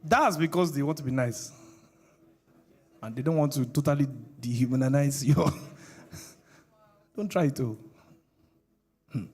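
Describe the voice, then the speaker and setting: A man's voice: mid-range voice, a little slow, pauses often, darkish tone, slightly rough. A middle-aged male pastor, preaching a sermon with call-and-response questions to the congregation.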